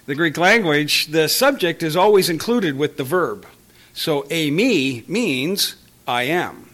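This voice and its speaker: Slow-speaking preacher teaching scripture. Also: male voice, fairly high pitch, fairly bright tone. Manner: conversational teaching with chuckles and fillers. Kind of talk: sermon.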